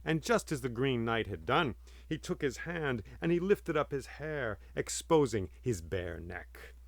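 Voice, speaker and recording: A man telling a folk tale in a measured, dramatic and vivid way. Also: medium pitch, big pitch swings, gravelly, no room sound. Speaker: storyteller. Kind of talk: oral storytelling.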